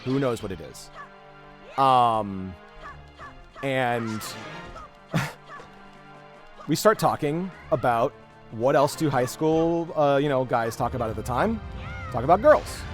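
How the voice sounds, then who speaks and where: A man's voice: medium pitch, slow pace, long pauses, faint music behind. A man hosting a game stream, telling a story in casual chat with many restarts and fillers. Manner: rambling, animated storyteller with frequent restarts. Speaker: streamer host.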